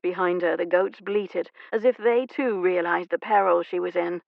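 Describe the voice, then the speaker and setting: Gravelly woman narrating an audiobook. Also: lowish voice, steady tone, moderate pace, dry recording. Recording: dry, slightly dull studio recording.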